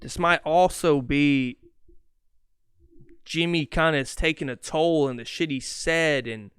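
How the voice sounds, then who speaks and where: A man hosting a solo sports podcast, ranting in an excitable, fast and profane way. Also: on the high side, clear, resonant tone, no echo, clean studio sound. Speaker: podcast host.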